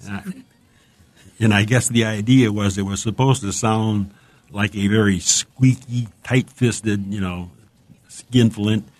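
A man's voice: on the low side, steady tone, measured pace, darkish tone. A man hosting a casual book chat, enthusiastic and rambling, who stops now and then to read passages aloud. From United States. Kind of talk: casual chat about books.

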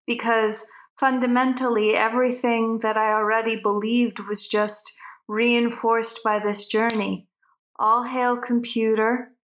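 A woman's voice: on the high side, a bit bright. Mock-solemn woman player in character. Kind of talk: in-character speech in a tabletop game.

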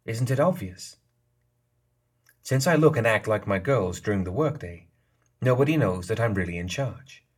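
A man's voice: on the low side, expressive, normal speed, pauses often, slightly rough. A man voicing a smug, teasing geisha woman. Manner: playful, teasing and knowing. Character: sly, smug female geisha leader.

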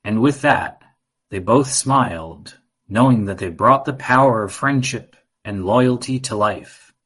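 A man narrating a children's adventure story in an even, measured reading. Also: fairly low pitch, breathy edge.

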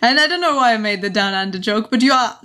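A woman's voice: a little high, lively intonation, fast talker, sharp tone. A woman running a tabletop horror game as game master, chatting playfully and laughing often. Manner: giggly and playful. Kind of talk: casual chat hosting a tabletop game.

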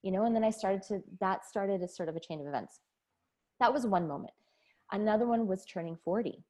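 A woman's voice: medium pitch, a little fast, warm tone. A woman in her forties, a nurse and podcast guest, telling her story candidly and with feeling in a casual interview. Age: 40s. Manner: candid, emotional, laughs often.

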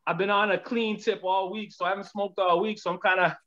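A man co-hosting a casual podcast over a video call, slangy and rambling, trailing off low at the ends of thoughts. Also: fairly even intonation, fast talker, bright, forceful tone, dull audio. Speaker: podcast co-host. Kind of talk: casual chat.

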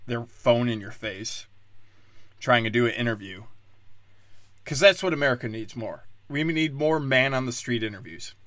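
Podcast host, male, profane sarcastic ranter with a forceful bright tone and a dry sound. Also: mid-range voice, no echo. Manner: crude, profane, sarcastic ranting. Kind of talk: comedic rant monologue.

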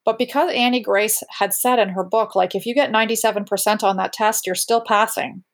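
A woman in her thirties speaks as a guest in a casual conversation, at an ordinary pitch. Her talk is candid and rambling, full of restarts and breaks in mid-sentence. She tells it plainly, as personal talk. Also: fairly even intonation, fairly quick. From Canada. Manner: candid, rambling, self-interrupting.

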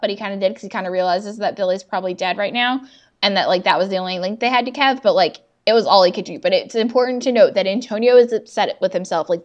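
Chatty and casual, this young podcast co-host walks through TV scenes and performs the characters' quoted lines. Her voice is medium-pitched, and the audio sounds dull.

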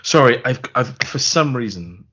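A man's voice: mid-range voice, lively intonation, moderate pace, pushed and bright. A man co-hosting a podcast, chatting casually about films, rambling and laughing often. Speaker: podcast co-host. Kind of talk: casual film chat. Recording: dull lo-fi sound.

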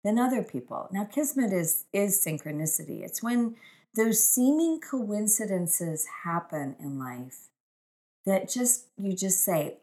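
A middle-aged woman author delivers an inspirational storytelling monologue, earnest and emphatic, piling up repeated phrases. Her voice is lowish and mellow, with lively intonation and a slow pace.

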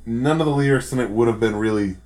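A man's voice: mid-range voice, fast talker, darkish tone. A man co-hosting a podcast, tipsy, rambling and joking with heavy swearing. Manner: profane, rambling, jokey. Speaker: podcast co-host. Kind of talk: casual chat.

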